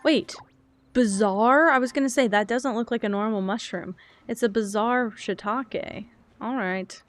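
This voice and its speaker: A woman's voice: a little high, a little slow. A woman streamer chatting casually while playing a game, rambling from thought to thought and answering her chat.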